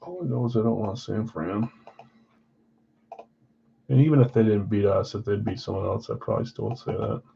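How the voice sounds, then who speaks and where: A man hosting a live card-break stream in casual chat, rattling off names and teams, swinging between loud calls and quiet asides. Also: fairly low pitch, a little fast, vocal fry, long pauses, muffled recording, slight background noise.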